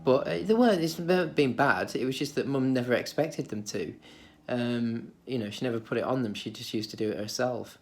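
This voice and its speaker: A man's voice: medium pitch, a little fast, soft background music. Middle-aged man, vlogger, meandering memories, medium voice. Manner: meandering, nostalgic storytelling with chuckles. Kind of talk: rambling monologue to camera. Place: psychiatric hospital.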